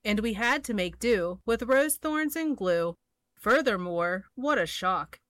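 A woman's voice: a little high, lively intonation, slow, a bit bright, no echo, studio quality. A woman voicing a swarm of small indignant bees in a storybook, complaining fussily. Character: indignant little buzzing bees.

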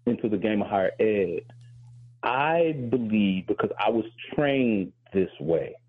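A man with a low, husky voice talks things through in an earnest, reflective way, often repeating a word as he gets started. His voice comes through a thin, narrow band, like a phone connection. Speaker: professor and show co-host. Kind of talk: casual talk-show discussion.

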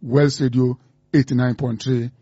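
A man's voice: medium pitch, level tone, normal speed, mellow, breathy edge, dry recording, lo-fi sound. A man with a Nigerian accent hosting a radio show, delivering impassioned commentary full of repeated rhetorical questions. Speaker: radio host.

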